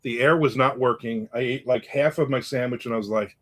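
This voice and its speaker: A man telling a story in a casual monologue, animated and acting out the people in it with raised voices. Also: mid-range voice, fairly quick.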